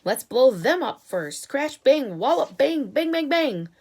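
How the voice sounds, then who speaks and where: A woman voicing a loud, trigger-happy male army chief in a children's story. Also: expressive, moderate pace. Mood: eager. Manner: booming and bombastic.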